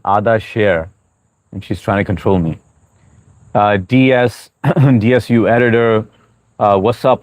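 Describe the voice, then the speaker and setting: Low-voiced man rambling through a live chat. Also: no echo, rough recording. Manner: rambling, chatty, many fillers and restarts. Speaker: livestream host reading chat. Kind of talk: casual live-stream chat.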